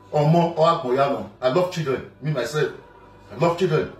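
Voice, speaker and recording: A man's voice: a little high, normal speed. A man with a Nigerian accent talking casually and emphatically, repeating himself and filling gaps with "you know". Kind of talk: casual direct-to-camera monologue. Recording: echoey room, mic at a distance, faint music.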